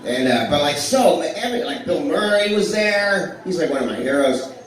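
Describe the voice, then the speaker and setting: A male comedian in his forties telling rambling, self-deprecating stories from a club stage, with plenty of back-and-forth with the crowd. His voice sits at an ordinary middle pitch. The recording is very echoey and distant, with a faint murmur of the room behind him. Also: very animated, moderate pace, noisy background. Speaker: stand-up comedian. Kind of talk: live stand-up storytelling. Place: blues club stage with a live audience. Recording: echoey club heard from far off.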